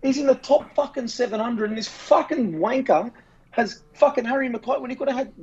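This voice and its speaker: An Australian man co-hosting a casual footy podcast, telling sweary, animated stories and mimicking his mates. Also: very high voice, fairly quick, slightly rough, dull audio. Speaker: podcast co-host.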